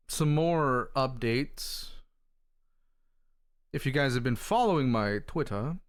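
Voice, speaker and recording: A man's voice: mid-range voice, fairly bright tone, clean tone. A man chatting casually to viewers as a gaming streamer, talkative and exclamatory, with some casual swearing. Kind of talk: casual live-stream chat.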